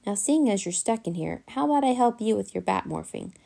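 A woman voicing a cheerful, bossy little male pet bat with a squeaky, coaxing manner. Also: animated, fairly quick, gravelly, dark tone. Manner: encouraging, coaxing.

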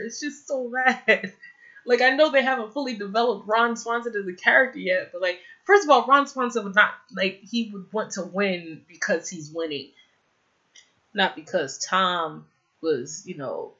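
Speaking in a lowish, slightly bright voice, a young woman casually recaps a TV episode. She rambles, leans heavily on "like" as a filler, and throws in exasperated, opinionated asides, all on slightly dull lo-fi audio.

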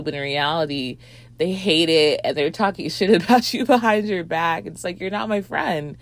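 A woman's voice: lowish voice, normal speed. A woman reviewing a movie in a rambling casual chat, with lots of fillers and swearing.

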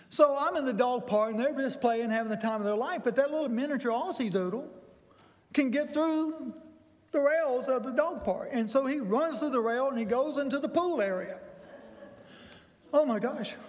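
An older man preaching a sermon, telling a folksy personal story that builds to excited bursts. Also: very high-pitched. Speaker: pastor. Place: church sanctuary. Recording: long reverb in a large hall.

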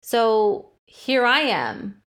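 A woman's voice: on the high side, big pitch swings, extremely slow, fairly bright tone. A woman in her thirties hosting a solo podcast, talking candidly and with plenty of swearing about personal feelings. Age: 30s. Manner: candid, profane, emotionally open. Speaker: podcast host.

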